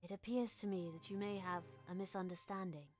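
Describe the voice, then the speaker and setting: A woman voicing an aloof child leader in a game, speaking calmly and formally. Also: medium pitch, brisk, soft background music, natural voice. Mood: cold. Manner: calm, flat, formal.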